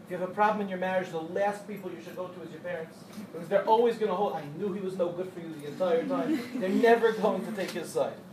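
A man teaching a Torah class to young women, telling parables with animated, acted-out quotes and light joking. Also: sits high, fast, crowd noise. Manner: animated storyteller who acts out quotes and jokes with the audience. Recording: echoey room, distant mic, faint hum.

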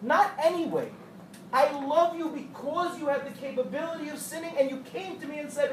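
A man teaching a Torah class to young women, telling parables with animated, acted-out quotes and light joking. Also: extremely high pitch, normal speed. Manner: animated storyteller who acts out quotes and jokes with the audience. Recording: echoey room, distant mic, faint hum.

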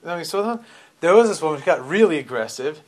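A man's voice: a little high, animated, fast. A middle-aged man giving a storytelling sermon, retelling events animatedly with frequent restarts and repeated words.

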